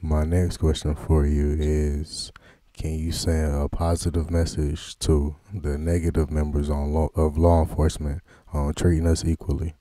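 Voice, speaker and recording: A man's voice: extremely low pitch, level tone, measured pace, dark tone, dry recording, studio quality. A man interviewing a guest, asking prepared questions politely and replying with "yes, ma'am.".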